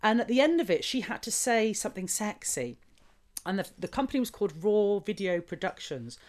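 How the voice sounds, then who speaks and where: Animated woman with a lively voice. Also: medium pitch, brisk. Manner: animated, bawdy storyteller, laughs often. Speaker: guest. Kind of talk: casual interview chat.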